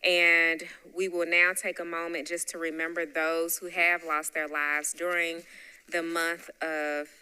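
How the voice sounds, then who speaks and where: Southern woman running a council roll call; clear, bright tone, casual asides. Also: fairly low pitch, little pitch movement, unhurried. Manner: warm, chatty asides between names. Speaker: council chair. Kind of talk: public meeting roll call. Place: council meeting room.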